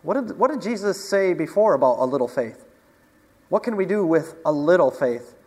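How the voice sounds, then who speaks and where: Conversational preacher in a reverberant hall. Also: male voice, on the high side, very animated, normal speed, a little mellow, breathy edge. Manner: conversational, rhetorical questions to the congregation. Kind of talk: sermon. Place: church hall.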